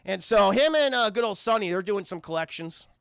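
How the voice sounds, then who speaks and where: Gravelly high-voiced man ranting to chat. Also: expressive, fairly quick, fairly bright tone, no echo. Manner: rambling, profane, addresses chat. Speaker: streamer film reviewer. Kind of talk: casual live-stream film recap.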